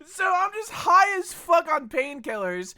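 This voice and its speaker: A man's voice: extremely high pitch, very animated, a little slow, sharp tone. A man streaming a game, chatting casually in a rambling, profane way. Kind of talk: casual chat while gaming.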